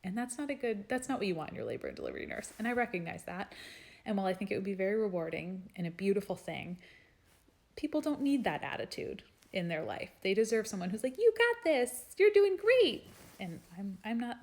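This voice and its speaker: A woman's voice: medium pitch, sing-song, fast, gravelly, a little mellow. A young adult woman, a nurse practitioner, reading out viewers' questions in a live stream and answering them in a frank, chatty way. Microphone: phone or webcam for a live stream.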